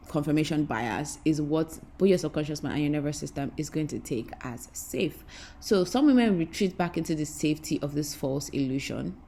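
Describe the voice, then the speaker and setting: A woman's voice: low voice, vocal fry, dark tone. A woman speaking as a spiritual teacher in an impassioned, repetitive, preacherly way, addressing her listeners directly. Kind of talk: spiritual talk to camera.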